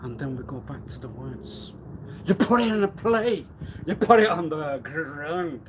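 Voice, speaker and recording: A man rambling on a live stream, repeating himself and swinging suddenly between loud and quiet. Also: fairly high pitch, animated, a little slow, a little hiss or hum. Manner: erratic, repetitive, with sudden swings in loudness. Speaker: livestreamer.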